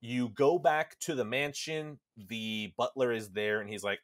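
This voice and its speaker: A young man hosting a podcast in casual chat, animated and swearing freely as he acts out characters. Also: mid-range voice, unhurried. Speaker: podcast host. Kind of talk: casual chat recapping a game.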